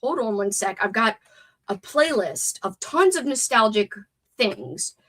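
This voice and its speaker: A woman's voice: mid-range voice, big pitch swings, measured pace, a bit bright. A young adult woman with a stuffed-up nose, hosting a chatty, wordy livestream and reading out chat comments. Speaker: livestream host.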